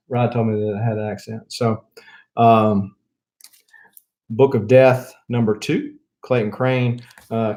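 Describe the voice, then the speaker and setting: Southern-accented man, casual rambling host, lots of chuckles and drawn-out fillers. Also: mid-range voice, darkish tone. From Mississippi. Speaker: comic book channel host. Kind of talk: casual rambling haul chat.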